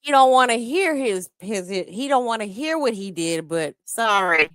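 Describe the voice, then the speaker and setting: A woman's voice: on the high side, animated, a little slow, fairly bright tone, dry recording, clean studio sound. A woman hosting a live-stream reaction, talking casually and bluntly, cussing and greeting viewers in the chat.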